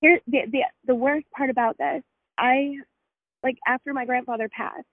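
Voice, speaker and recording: A woman's voice: sits high, steady tone, moderate pace, no room sound. A woman caller speaking over a tinny, dry phone line. She is earnest and insistent as she recounts a story passed down in her family. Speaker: caller with information.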